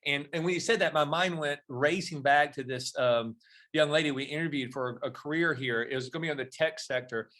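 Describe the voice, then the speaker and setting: Middle-aged guy on a podcast, bright voice, a bit high, tells stories and acts out the lines. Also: brisk. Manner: storytelling, animated when acting out dialogue. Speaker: guest. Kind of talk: podcast interview.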